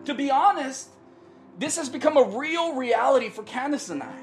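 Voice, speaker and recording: A woman's voice: high-pitched, expressive, moderate pace, faint music behind. A woman pastor preaching a sermon in an earnest way, repeating phrases for emphasis and often checking in with the congregation.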